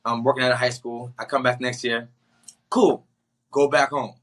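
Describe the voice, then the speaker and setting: A young man from the Boston area tells a story as a guest on a podcast. He talks casually and with lots of slang, and he acts out the lines of the people in his story. His voice is bright and forceful. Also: medium pitch, little pitch movement, a little fast.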